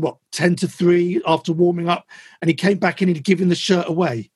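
A man's voice: sits high, fairly even intonation, a little fast, husky, no echo. A man hosting a podcast in casual interview chat, prompting his guest with hesitant restarts. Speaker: podcast host.

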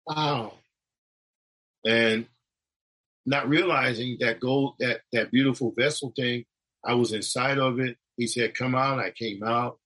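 A man's voice: mid-range voice, fairly even intonation, unhurried, pauses often, a bit bright, rough recording. A man telling a personal story in a rambling, conversational way, acting out the voices of the people in it. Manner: rambling, with restarts and acted-out quotes. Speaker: storyteller recounting near-death experience. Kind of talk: casual spoken testimony.

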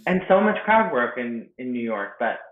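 A man's voice: mid-range voice, big pitch swings, moderate pace. A man from Canada, a guest comedian, chatting casually and animatedly, acting out quoted voices and swearing freely. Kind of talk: casual podcast chat. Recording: tinny phone-like sound in an echoey room.

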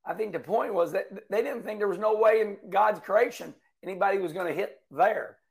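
A middle-aged man, talking casually about racing with folksy, animated storytelling. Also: high-pitched, brisk, gravelly. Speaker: racing commentator. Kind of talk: casual monologue.

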